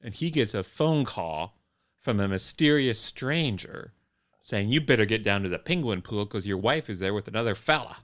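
A man's voice: fairly low pitch, expressive, normal speed, fairly bright tone. A young man co-hosting a casual movie chat, recapping the plot with dry, wry humor. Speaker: podcast co-host.

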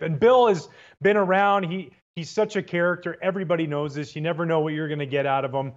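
A man hosts a relaxed chat in a slightly raised voice, eager and rambling, repeating words as he builds his questions. The audio is dull and lo-fi. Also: high-pitched, a little fast. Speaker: podcast host, former pitcher. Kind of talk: casual interview chat. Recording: dull lo-fi sound.

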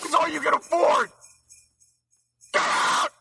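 A man's voice: extremely high pitch, takes it slowly, creaky, pushed and bright. A man ranting and screaming profane insults in a comedic recorded message. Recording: played back with jingle music.

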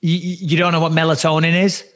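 A man in his thirties telling stories in casual chat as a podcast co-host, animated and profane. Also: on the high side, quick pace.

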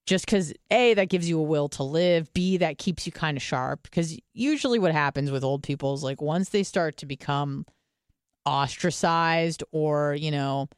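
A woman's voice: low-pitched, normal speed, clear, resonant tone, no room sound, studio quality. A young woman co-hosting a podcast, chatting casually, rambling and swearing with lots of fillers. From United States. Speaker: podcast co-host. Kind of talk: casual chat.

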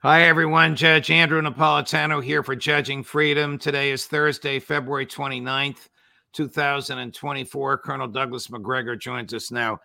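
A man's voice: medium pitch, level tone, moderate pace, vocal fry, bright, forceful tone, no echo. An older man hosting an interview in a formal, courteous manner. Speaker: host.

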